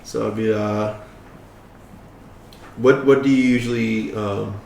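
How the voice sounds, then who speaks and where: A man playing in a tabletop game, hesitant and halting as he speaks in character. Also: on the low side, steady tone, gravelly, darkish tone, echoey room. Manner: hesitant, full of ums and restarts. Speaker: player. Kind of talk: tabletop role-play banter.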